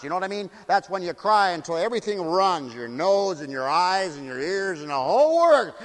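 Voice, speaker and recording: A man preaching a sermon in an animated, mocking way, slipping into shrill wailing impressions. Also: normal speed, few pauses, in a large hall.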